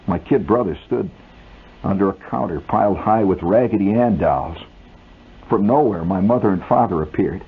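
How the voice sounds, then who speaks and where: A man's voice: sits low, normal speed, breathy edge. A man reading his own story aloud on the radio in a wry, vivid, mock-dramatic style, on a tinny old aircheck.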